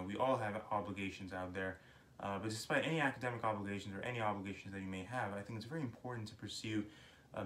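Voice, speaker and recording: Young man, quick earnest talk, lower voice, echoey room, mic set back, light noise. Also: fairly bright tone. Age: young adult. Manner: earnest, encouraging, with fillers. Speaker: sitar musician. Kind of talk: closing talk to young viewers. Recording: roomy, distant mic.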